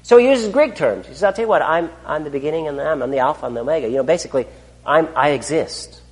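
A man preaching a sermon, asking his listeners rhetorical questions and swinging between loud declarations and hushed asides. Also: a little high, expressive, fast talker, in a large hall. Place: church.

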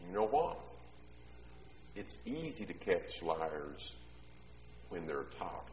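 A middle-aged man preaching a sermon, telling homely stories in a conversational way that swells into loud, emphatic preaching. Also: deep voice, big pitch swings, slow, a little hiss or hum. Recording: echoey hall, dull sound.

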